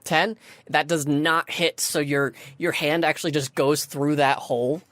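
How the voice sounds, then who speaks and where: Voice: mid-range voice, measured pace, no echo. A person running a tabletop game as dungeon master, narrating the action with lots of fillers. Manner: lively scene narration with many fillers.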